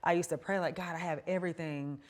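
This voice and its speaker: Woman host with a deep low voice, candid and chatty, telling her own stories. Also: steady tone, fast talker. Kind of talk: casual conversation.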